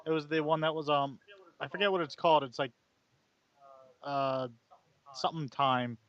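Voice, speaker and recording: A man's voice: fairly high pitch, normal speed. A man co-hosting a casual podcast, joking and teasing as he rambles about games. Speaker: podcast co-host. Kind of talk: casual chat. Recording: dull lo-fi microphone.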